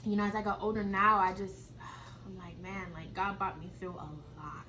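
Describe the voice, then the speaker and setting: 20s woman, soft reflective talk, mid pitch, faint background noise. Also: fairly even intonation, moderate pace. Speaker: daughter and co-host. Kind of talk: candid family conversation.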